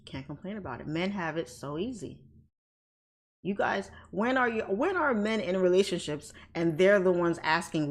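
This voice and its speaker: A woman with a lowish voice hosts a casual livestream, blunt and outspoken as she talks to her chat. She laughs often and talks straight to her viewers from off camera. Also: animated, moderate pace. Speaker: livestream host, trading educator. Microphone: off camera, desk mic.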